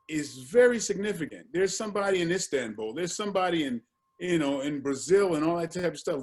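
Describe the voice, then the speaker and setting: A man with a slightly high voice, talking earnestly and haltingly, circling back to rephrase his points. He speaks as a guest on a video-call panel. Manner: earnest, halting with many restarts. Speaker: panelist, martial arts actor. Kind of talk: casual panel talk.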